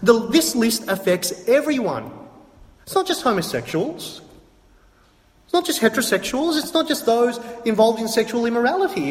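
Emphatic preacher in an echoey hall. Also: male voice, very high-pitched, very animated, normal speed. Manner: emphatic, repetitive, rhetorical questions. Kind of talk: sermon. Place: church hall.

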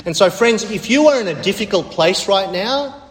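A man preaching with earnest emphasis, his voice sitting high for a man. He leans on repeated phrases to drive points home. The sound rings out with long reverb in a roomy hall. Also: animated, moderate pace. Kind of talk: sermon.

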